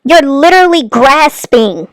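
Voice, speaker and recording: A woman's voice: sits high, lively intonation, measured pace, dry recording, poor audio. A woman hosting a commentary channel, bluntly scolding the person she talks about. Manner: blunt, scolding, addresses the subject directly. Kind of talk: reaction commentary.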